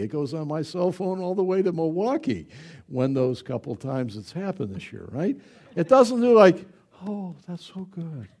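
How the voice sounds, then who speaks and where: This middle-aged male preacher has a gravelly voice that sits high. His sermon is lively and conversational, full of exuberance and friendly asides to the people listening.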